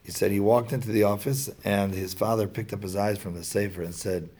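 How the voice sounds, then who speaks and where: A man speaking to an audience, telling a story in a halting way with many fillers and restarts. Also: on the low side, steady tone, darkish tone.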